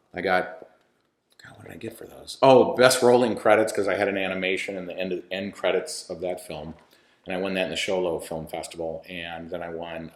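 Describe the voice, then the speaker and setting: A man, a filmmaker and musician, chatting as an interview guest in a rambling, restarting way. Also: deep voice. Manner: rambling, with many restarts and laughs. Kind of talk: casual interview talk. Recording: roomy echo.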